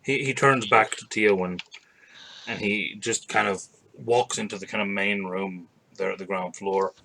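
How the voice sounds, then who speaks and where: Gravelly-voiced male game master. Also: lowish voice, steady tone, measured pace, sharp tone, a little hiss or hum, rough recording. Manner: rambling, hesitant with many "kind of"s. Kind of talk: narrating a tabletop game.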